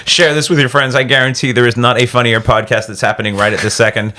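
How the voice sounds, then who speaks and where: A man's voice: medium pitch, flat delivery, fast talker, very noisy. A man hosting a comedy podcast in a studio, cracking up at his own jokes as he riffs. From Canada. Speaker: podcast host.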